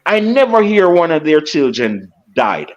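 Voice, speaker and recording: A man's voice: on the high side, big pitch swings, measured pace, muffled recording. A man with a Jamaican accent arguing heatedly in a panel debate, cutting in and insisting. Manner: interrupts, rising and insistent, Jamaican patois phrases. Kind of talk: heated argument.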